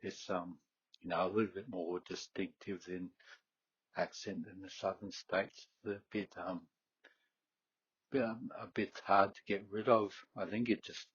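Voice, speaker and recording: Middle-aged Aussie host from Queensland, low husky voice, chatty and halting, muffled close mic. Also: steady tone, no echo. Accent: Queensland Australian. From Queensland, Australia. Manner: rambling, hesitant, many fillers and restarts. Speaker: fitness podcast host. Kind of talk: casual solo talk.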